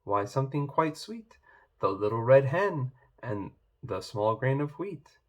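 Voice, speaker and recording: Man voicing kindly little hen, patient, storybook, slow pace. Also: mid-range voice, big pitch swings. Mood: gentle.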